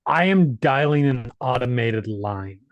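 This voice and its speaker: Slow-talking questioning player man. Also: medium pitch, expressive, dry recording, lo-fi sound. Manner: deliberate, questioning. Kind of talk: casual tabletop game chat.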